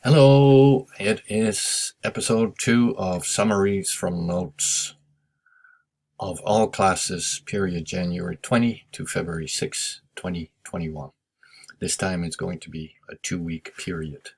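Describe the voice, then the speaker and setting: In a recorded lesson review, a man teaching English patiently goes over class notes, explaining slowly and giving Japanese translations. His voice sits low, with a steady tone and a little mellowness.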